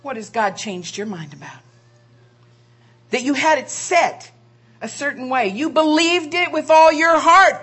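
A woman's voice: high-pitched, expressive, normal speed, a bit bright, breathy edge. A woman preaching a sermon, asking rhetorical questions and drawing out key phrases for emphasis.

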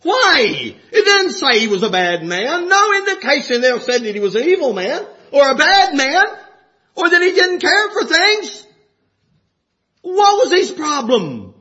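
A man preaching a sermon with passion, rising to shouts and dropping low. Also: sing-song, measured pace, lo-fi sound.

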